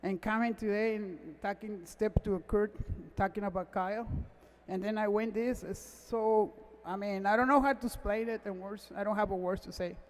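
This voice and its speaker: A man, a race car mechanic, gives a halting, emotional acceptance speech at an awards gala, close to tears and often repeating himself in non-native English. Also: high voice, fairly even intonation. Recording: echoey hall reverb.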